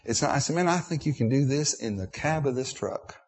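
A man's voice: medium pitch, lively intonation, fairly quick, slightly rough. A middle-aged man preaching a sermon, emotional and repetitive, with restarts.

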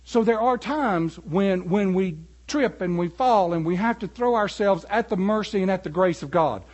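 A man preaching a sermon, animated and building to emphatic peaks. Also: high voice, normal speed.

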